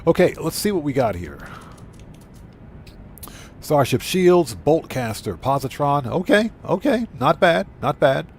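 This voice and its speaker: A man streaming a video game live, chatting casually, reading viewers' messages aloud and thanking them, with his voice going hoarse. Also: on the high side, big pitch swings, a little slow, slight background noise. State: losing his voice. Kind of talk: casual live gameplay chat.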